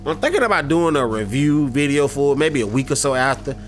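Rambling gamer commentating gameplay. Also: male voice, medium pitch, animated, brisk, faint music behind. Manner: rambling, many fillers and restarts, addresses viewers directly. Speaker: gaming YouTuber.

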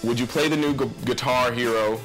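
A man's voice: medium pitch, steady tone, brisk. A young man hosting a comedy Q&A vlog, giggly and self-mocking. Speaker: YouTuber host. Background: background music.

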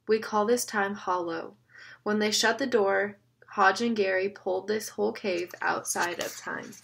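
A woman voicing a calm, condescending man. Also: mid-range voice, a little slow, vocal fry. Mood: explaining. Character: adult man, calm, explains patiently, sneers at rivals. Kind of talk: audiobook character voice.

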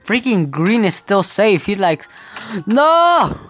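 A woman narrates her gameplay in a casual, unhurried way, her pitch leaping around as she cries out in frustration and laughs. Her voice sits a little low, and faint game music plays behind her. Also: very animated, fairly bright tone. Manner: exclaims and laughs often, frustrated outbursts. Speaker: gaming video creator.

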